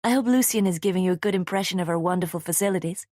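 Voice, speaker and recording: A woman's voice: lowish voice, rapid-fire, a little mellow, dry recording, studio quality, close to an everyday voice. A woman voicing a glamorous young Swedish woman with a Swedish accent, chirpy and effusive, in an audiobook. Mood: bubbly.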